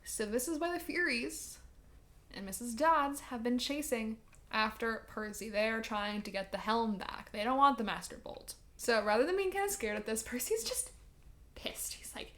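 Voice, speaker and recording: Woman, higher-than-average voice, casual chatty recap vlogger, filler-heavy delivery. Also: normal speed, a bit bright.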